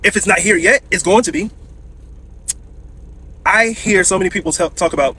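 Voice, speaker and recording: A man's voice: high-pitched, a little fast, pushed and bright, a little hiss or hum, rough recording. A man giving viewers a casual, urgent warning and repeating his points. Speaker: social media commentator.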